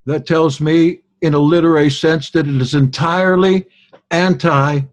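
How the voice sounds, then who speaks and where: A man giving a deliberate Bible study lecture as a teacher, explaining and stressing key words. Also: fairly high pitch, fairly even intonation.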